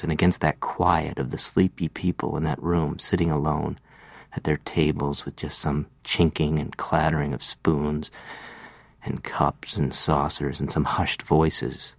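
A man reading a literary first-person monologue, slow and reflective, lingering over details. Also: a bass voice, creaky, no echo.

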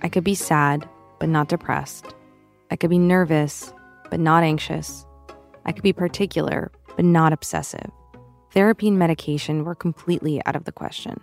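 Young woman, personal essay reading, low voice, vocal fry, soft music behind. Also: steady tone. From Russia, raised in the US. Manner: reflective, measured, quietly confessional.

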